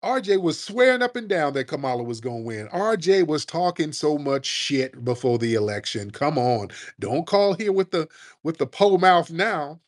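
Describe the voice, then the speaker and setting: Combative radio host, man, mocking and animated, fairly high voice. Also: measured pace. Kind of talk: talk radio rant.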